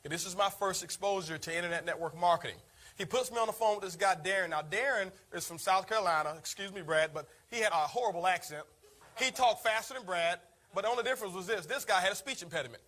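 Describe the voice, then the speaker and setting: A network marketing speaker gives a motivational talk at a fast, brisk pace. His high voice sounds bright and forceful as he energetically tells his story, repeatedly calling his audience "guys."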